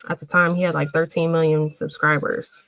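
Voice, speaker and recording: A woman hosting a casual livestream, chatting with viewers and answering their comments in an emotional, animated way. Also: deep voice, fairly quick, dry recording, rough recording. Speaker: livestream host.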